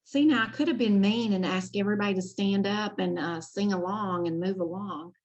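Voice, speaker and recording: A woman's voice: medium pitch, a little fast, a little mellow, dull audio. A woman leads an online session for teachers in a chatty, enthusiastic way. She talks her way through her slides and recommends activities as she goes. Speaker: teacher trainer presenting. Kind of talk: online presentation.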